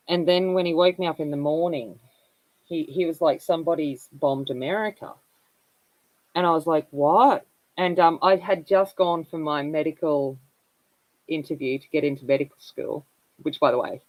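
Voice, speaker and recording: A woman's voice: low voice, dry recording, poor audio. Chatty woman with a dry sound. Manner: rambling, candid storyteller who laughs often. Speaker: colouring livestream host. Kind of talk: casual chat.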